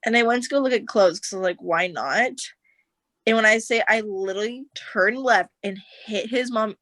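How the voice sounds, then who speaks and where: A woman's voice: on the high side, moderate pace, no echo. Chatty young woman telling a story. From United States. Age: young adult. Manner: animated storyteller, acts out quotes, says like a lot. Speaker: podcast guest. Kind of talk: casual storytelling chat.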